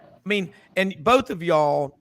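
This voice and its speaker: A man's voice: high-pitched, animated, slow pace, fairly bright tone, dry recording. A man hosting a casual sports talk show, telling rambling stories and doing the voices of the people in them. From Memphis, US South. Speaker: host.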